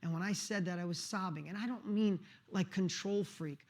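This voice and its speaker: A man's voice: sits high, moderate pace. A middle-aged man telling his life story to an audience as a motivational speaker, earnest and emphatic, often repeating words. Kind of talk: emotional personal storytelling.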